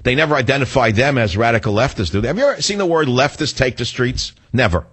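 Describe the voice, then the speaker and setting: A man's voice: medium pitch, lively intonation, quick pace, fairly bright tone, breathy edge, no room sound. A male radio talk show host giving an indignant monologue full of repeated rhetorical questions.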